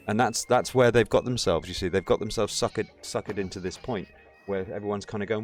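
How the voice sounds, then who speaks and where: Sweary ranting man, lowish voice. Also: steady tone, brisk, faint music behind. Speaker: podcast host. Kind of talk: casual political chat.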